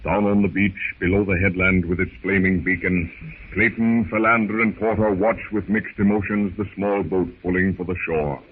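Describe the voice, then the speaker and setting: Low-voiced 1930s radio narrator, man. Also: fairly even intonation, slightly rough, phone-quality sound. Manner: measured, descriptive. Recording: scratchy 1930s radio with hiss.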